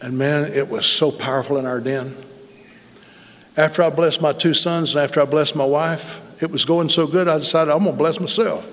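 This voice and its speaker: A man's voice: on the high side, steady tone, moderate pace, a bit bright, slight background noise. A middle-aged man telling a testimony in a sermon, folksy and emphatic. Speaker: preacher. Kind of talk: sermon storytelling. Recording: long reverb in a large hall.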